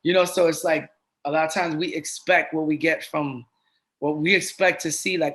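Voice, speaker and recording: A man's voice: on the high side, steady tone, fairly quick, sharp tone. A middle-aged man talking earnestly and casually as a podcast guest, streetwise and given to repeating himself. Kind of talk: casual conversation.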